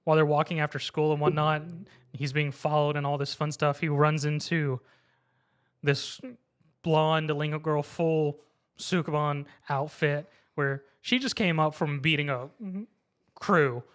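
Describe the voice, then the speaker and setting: A man recapping an anime episode in casual chat, lively and quick to laugh, acting out the characters' lines. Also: fairly high pitch, smooth. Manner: animated retelling, acts out characters' lines, laughs often. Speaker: podcast co-host.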